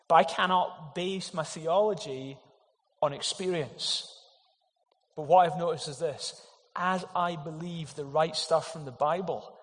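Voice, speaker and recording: A man preaching a sermon, earnest and emphatic, with rhetorical questions to the congregation. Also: on the high side. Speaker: pastor. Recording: long hall reverb.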